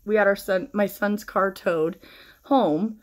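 A woman's voice: medium pitch, slow pace. A middle-aged woman chatting casually through a makeup tutorial, rambling and swearing freely while shaken and stressed. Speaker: makeup vlogger.

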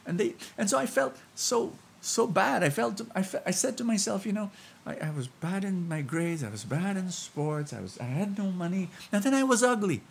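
A Filipino man preaching a sermon, shifting from hushed and slow to loud and excited, with self-mocking humor. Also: high voice, vocal fry, a little hiss or hum. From Philippines.

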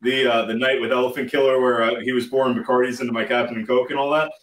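A man at an ordinary pitch tells a band story in a loose, rambling way, laughing along with it. His voice rings around an echoey room. It sounds like a relaxed, casual chat. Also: fast talker, far from the mic, a little hiss or hum. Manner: rambling, laughs while recounting. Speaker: band member guest.

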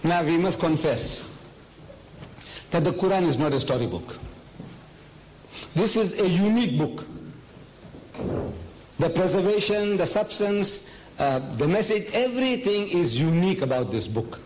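An older South African man delivers an emphatic public lecture on religion, animated at a measured pace, with long pauses and a darkish tone. He poses rhetorical questions constantly and sometimes sinks to a low murmur, and the audio is poor with slight background noise.

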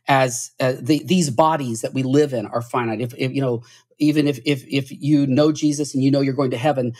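A man with a husky voice talks as a podcast guest, earnest and preachy. He restarts his phrases often and climbs higher in pitch when a point moves him. His delivery is heartfelt and insistent. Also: darkish tone. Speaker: podcast guest, church author. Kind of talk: podcast interview.

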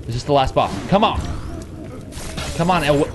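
A man giving let's play commentary while gaming, excitable and swearing, with sudden yelps and shouts. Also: high-pitched, moderate pace, gravelly, music in the background. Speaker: gamer.

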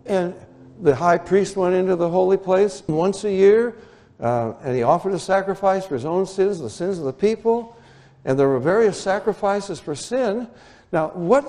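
Male preacher, animated Bible teacher with a lively, somewhat high voice. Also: moderate pace. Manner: animated, rising to excited high exclamations.

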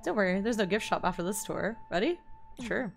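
A woman reading aloud the lines of a chirpy island tour guide from a game, rattling them off quickly. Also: mid-range voice, lively intonation, vocal fry, faint music behind. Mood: brisk. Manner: rapid reading of game dialogue.

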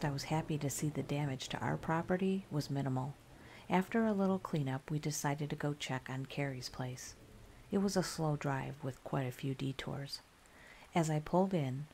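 A woman narrating a scary story in a calm, soft-spoken ASMR style. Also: deep voice, creaky, a little hiss or hum.

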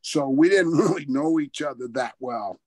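An older man recalls his wrestling days in a loose, chatty interview. He laughs often and swears freely, his voice sitting slightly high. The sound is dry and close, with almost no room echo. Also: lively intonation, moderate pace, a little mellow. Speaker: former wrestler telling career stories. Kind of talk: casual interview storytelling.

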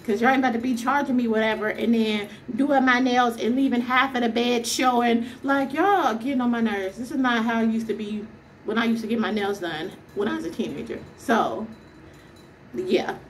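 A woman's voice: on the high side, moderate pace, a little hiss or hum. A young woman vlogger telling a story as a casual rant, exasperated and emphatic, firing off rhetorical questions.

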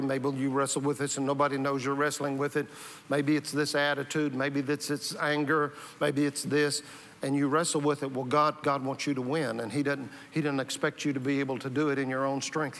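A man's voice: medium pitch, flat delivery, fairly quick, fairly bright tone. A male pastor preaching a sermon in a conversational way, often restarting and repeating words. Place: church sanctuary. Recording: reverberant church hall.

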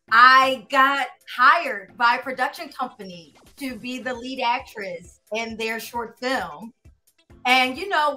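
A woman's voice: fairly high pitch, sharp tone. A woman in her thirties with a Philadelphia accent, telling her story as an interview guest in a candid, easygoing way and laughing easily. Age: 30s. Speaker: guest, producer and director.

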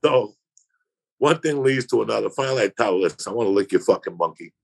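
A man's voice: on the low side, animated, quick pace. A man telling a profane, rambling story on a podcast, acting out the other people's voices. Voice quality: gravelly, husky voice. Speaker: comedian guest telling a story.

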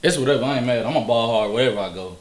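A man's voice: mid-range voice, rapid-fire, crowd noise, pitched below the performer's own voice, natural voice. A man voicing a sulky male basketball player who mutters his grumbling replies in a comedy sketch. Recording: echoey room.

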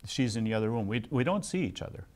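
A man's voice: mid-range voice, lively intonation, fast, a little mellow. An older man giving a seminary lecture in a conversational way, telling personal stories with self-deprecating humor. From United States.

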